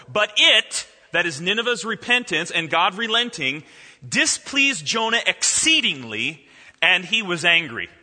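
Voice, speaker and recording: A man preaching a sermon as pastor, reading scripture slowly and expounding it with animated emphasis. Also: a little high. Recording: long hall reverb.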